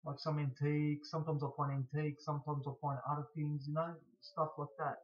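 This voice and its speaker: Casual vlogger, male, blocked nose, halting delivery with restarts; slightly high voice, dull recording. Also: flat delivery, a little hiss or hum. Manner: halting, stuttering, frequent restarts. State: blocked nose from hay fever. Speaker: scrap collector vlogger. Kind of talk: casual to-camera Q&A.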